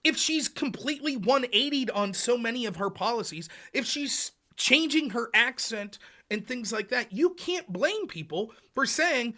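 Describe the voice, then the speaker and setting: A man's voice: extremely high pitch, moderate pace, few pauses. A man hosting a political livestream, talking casually and acting out quotes in other voices. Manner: animated, loose and casual, acts out quotes. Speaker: livestream host. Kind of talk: political talk.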